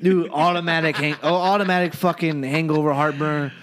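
Casual storyteller, man from California, high-pitched, profane and animated. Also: brisk. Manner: profane, animated, laughing through his story. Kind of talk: casual chat.

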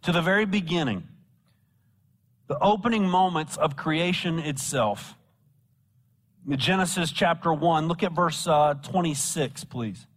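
A man's voice: on the high side, a little slow, long pauses, a bit bright, slightly rough. A male pastor delivering a sermon, repeating key phrases for emphasis and reading scripture aloud to the congregation. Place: church sanctuary. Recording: church hall with long reverb.

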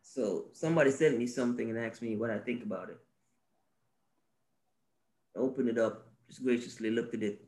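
Speaking at a normal speed and medium pitch with long pauses, a man co-hosts a faith-based podcast conversation. He gets animated and preachy, repeats his key phrases, and acts out small scenes.

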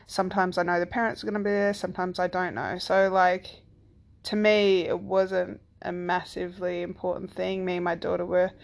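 Her voice is fairly low and gravelly: a single mother in her thirties or forties rambling casually through a personal story. She fills it with "like" and "um" and swears freely.

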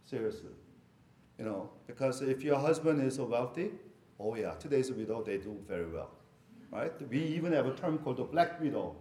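A man's voice: mid-range voice, animated, moderate pace, mellow. Middle-aged man preaching in an echoey room. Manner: conversational, jokey asides with laughter. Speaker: pastor. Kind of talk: sermon.

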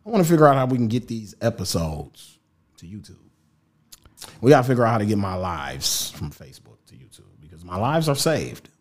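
Slangy, animated man hosting a podcast. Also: lowish voice, a little fast, long pauses. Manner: slangy, animated, talks over co-host. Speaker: podcast host. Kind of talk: casual podcast chat. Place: home studio.

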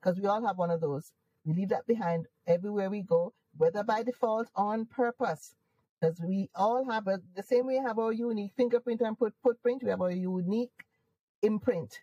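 A woman's voice: medium pitch, fairly quick, mellow, breathy edge, no room sound, muffled recording. A woman with a Jamaican accent, a guest in an interview, who talks emphatically and upbeat and laughs often. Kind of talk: casual conversational interview.

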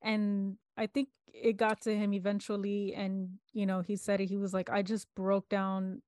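A woman's voice: mid-range voice, level tone, normal speed, darkish tone, dry recording. A young woman co-hosting a candid talk, earnestly retelling events with quoted dialogue. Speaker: podcast co-host. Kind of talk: candid personal conversation.

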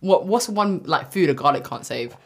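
A woman co-hosting a podcast, animated and teasing in casual chat, swearing freely. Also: lowish voice, moderate pace, breathy edge. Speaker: podcast co-host.

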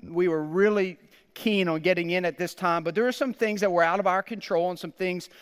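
A male pastor in his thirties delivers a sermon in a fairly high, smooth, resonant voice. He is earnest and personal, often stumbling over repeated words before he lands a point. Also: fairly quick, in a large hall.

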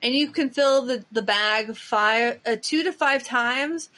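A woman's voice: on the high side, slow, bright, forceful tone. A woman hosting a podcast, chatting casually and enthusiastically, with lots of filler words. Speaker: podcast host. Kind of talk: casual chat.

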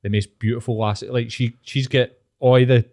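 A man's voice: medium pitch, steady tone, a little fast, darkish tone. A young Scottish man hosting a podcast, telling stories animatedly with swearing and laughter. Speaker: podcast host. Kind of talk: casual chat.

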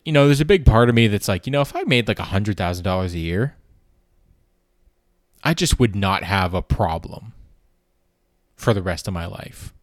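A man's voice: fairly low pitch, no echo, clean studio sound. A man hosting a podcast in a casual comedic monologue, rambling and sardonic and swearing freely. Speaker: podcast host.

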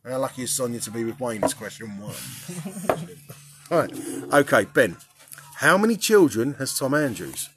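Un joven inglés que presenta un concurso entre compañeros de equipo, con un tono descarado y malhablado y muchas risas. Su voz se sitúa en un registro medio, ni grave ni aguda, y habla con naturalidad, como en una charla informal entre amigos. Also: male voice, mid-range voice, sing-song, moderate pace, long pauses, noisy background. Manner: cheeky, sweary, laughs a lot. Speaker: quiz host for a football team. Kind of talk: casual banter.

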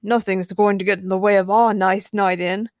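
A woman's voice: medium pitch, animated, normal speed, no echo, clean studio sound, natural voice. A woman voicing a brash, cocky male thunder god in a storybook reading, breezy and self-assured. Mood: contented.

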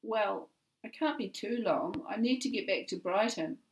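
A woman voicing a gentle, somewhat weary father in a story reading. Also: mid-range voice, normal speed, voice pushed up, close to an everyday voice, rough recording. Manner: gentle, subdued.

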